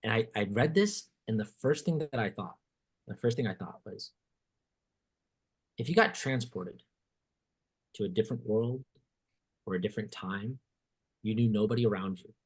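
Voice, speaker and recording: A man hosting a podcast, telling a story in casual chat, animated and swearing casually, acting out what people said. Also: on the low side, normal speed, long pauses, husky. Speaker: podcast host.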